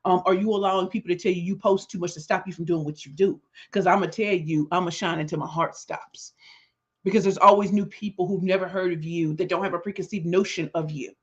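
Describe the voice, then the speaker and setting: A middle-aged woman hosting her podcast, telling a story in an animated, conversational way with emphatic repetitions. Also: on the low side, fast, breathy edge. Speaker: podcast host and business speaker. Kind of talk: storytelling monologue. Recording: dull lo-fi sound.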